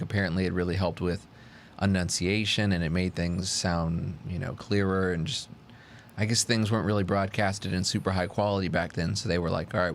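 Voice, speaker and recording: A man's voice: low-pitched, a little hiss or hum. A young man co-hosting a podcast, chatting casually and rambling through his thoughts. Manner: chatty, rambling, puts on mock old-timey announcer voices. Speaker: podcast co-host. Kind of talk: casual chat.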